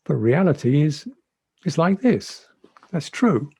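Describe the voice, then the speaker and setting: A man who is a Buddhist monk teacher giving a dhamma talk in a reflective, gentle way, often repeating his phrases. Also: on the high side, big pitch swings, slow, breathy edge. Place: monastery meditation hall.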